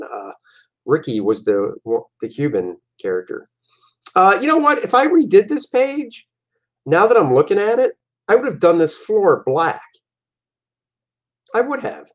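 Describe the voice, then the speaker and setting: A man hosting a show and giving casual, animated commentary on his own comic artwork. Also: a little high, lo-fi sound. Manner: animated, jumping into voices for his characters. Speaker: comic artist and show host.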